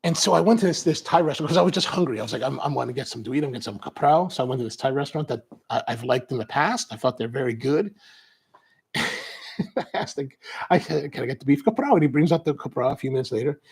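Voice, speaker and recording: A man's voice: medium pitch, lively intonation, quick pace, creaky, breathy edge. A middle-aged man telling a casual, rambling story, often stopping and restarting, with an amused tone. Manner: rambling, self-interrupting, amused. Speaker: coffee vlogger. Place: suburban Baltimore area.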